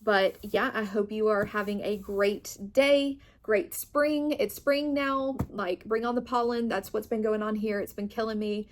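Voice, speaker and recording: A woman's voice: medium pitch, steady tone, unhurried, few pauses. A young woman chatting casually as a book vlogger, bubbly and gushing, with lots of fillers. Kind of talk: casual chat.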